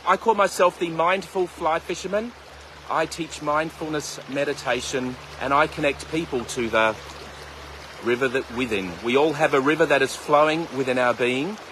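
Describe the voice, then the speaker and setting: A man's voice: medium pitch, sharp tone, a little hiss or hum. A man teaching mindfulness meditation outdoors beside a river, chatting with viewers by name and joking between his guidance. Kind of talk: casual livestream talk and guided meditation. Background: flowing river.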